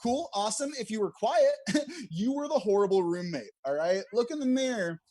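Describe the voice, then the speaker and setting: A man's voice: high voice, animated, moderate pace, a little mellow, no room sound. A young man doing a stand-up comedy set over a video call, joking at his own expense and laughing at his own lines. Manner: self-deprecating, laughs at own jokes. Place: at home, streamed online.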